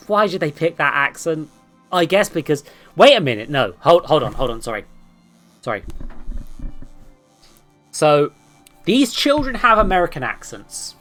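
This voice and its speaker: A woman's voice: low-pitched, big pitch swings, measured pace, pauses often, a bit bright, soft background music. A young woman streaming a horror game with sarcastic, swearing commentary and playful asides. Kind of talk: casual gameplay commentary.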